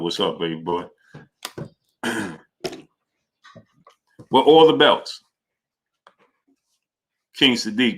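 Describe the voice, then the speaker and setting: Bright-voiced New livestream host. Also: male voice, deep voice. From New York. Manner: greets viewers by name, reads super chats aloud. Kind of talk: casual livestream chat.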